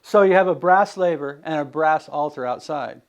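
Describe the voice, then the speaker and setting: A preacher with a voice on the high side talks at normal speed through a casual sermon. He's animated, poses rhetorical questions to his listeners, and acts out the quotes of people in the story.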